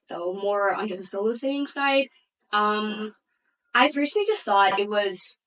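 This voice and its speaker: A woman's voice: mid-range voice, fairly bright tone, distant mic, rough recording. A young woman, an opera singer and student, answering interview questions in a thoughtful way full of "like" and "you know". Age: young adult.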